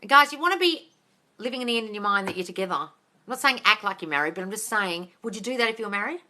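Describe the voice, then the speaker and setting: A woman's voice: medium pitch, animated, fast, sharp tone. A woman manifesting coach answering viewer questions on a live stream, blunt and swearing, calling listeners darling.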